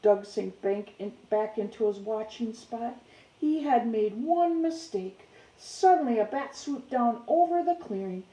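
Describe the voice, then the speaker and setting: Slow mellow woman reading a storybook. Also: a little high, lively intonation, reverberant, rough recording. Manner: breaks off to talk playfully to her dog. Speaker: storyteller reading a picture book aloud. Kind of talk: children's book read-aloud.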